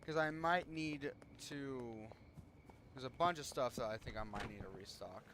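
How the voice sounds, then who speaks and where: A young man streams a game and talks casually over it in a mid-range voice at a normal pace. He rambles, keeps breaking off mid-sentence and lets his thoughts trail away. There's noise in the background.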